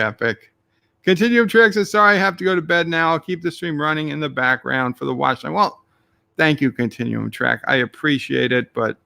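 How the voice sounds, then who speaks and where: A man's voice: mid-range voice, creaky, bright, forceful tone, no room sound. A man streaming live, reading his chat messages aloud with dry joking asides.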